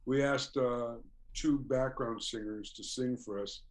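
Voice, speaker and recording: A man's voice: medium pitch, fairly even intonation, unhurried. Older man telling stories with chuckles. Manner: chuckles often, fills with "you know". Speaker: guest musician. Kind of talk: casual interview storytelling.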